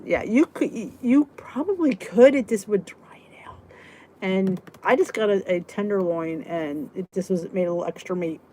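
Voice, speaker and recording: A woman's voice: mid-range voice, a little mellow. Chatty woman hosting a live stream. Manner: chatty, answers viewers' comments, trails off and restarts. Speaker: weight-loss vlog host reading live chat. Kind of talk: casual live-stream chat.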